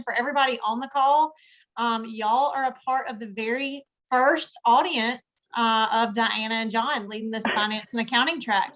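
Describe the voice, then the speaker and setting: A woman's voice: a little high, fairly bright tone. A woman hosting a webinar, upbeat and laughing often as she gives housekeeping notes. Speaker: webinar host. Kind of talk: casual chat. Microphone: video call microphone. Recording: muffled video call audio.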